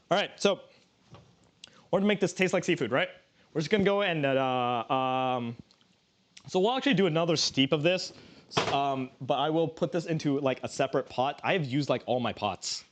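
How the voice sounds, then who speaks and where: A man streaming while he cooks, chatting casually in a joking, rambling way with many restarts. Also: medium pitch. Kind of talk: casual livestream cooking chat.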